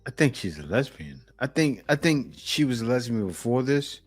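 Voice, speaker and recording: A man's voice: mid-range voice, big pitch swings, normal speed, faint music behind. Skeptical man reacting to clips. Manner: skeptical, chatty, laughs along. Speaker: reaction video host. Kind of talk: casual commentary reacting to clips.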